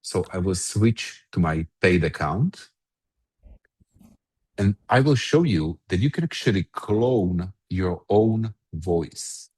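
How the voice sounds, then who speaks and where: A man with a low, husky voice leads an online workshop. He walks through a software demo step by step, often restarting his phrases. His computer mic sounds dry and close. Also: expressive, takes it slowly, dry recording. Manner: explains step by step, with frequent restarts. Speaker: workshop presenter.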